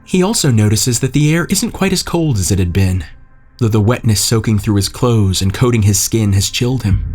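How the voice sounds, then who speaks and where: A man narrating a scripted horror story in a measured, tense way. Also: on the low side, lively intonation, a little mellow, soft background music.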